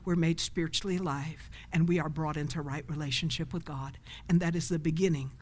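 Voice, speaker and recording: A woman's voice: low-pitched, steady tone, fairly quick. A woman pastor preaching a sermon and leading an altar call, emphatic and calling for responses from the congregation.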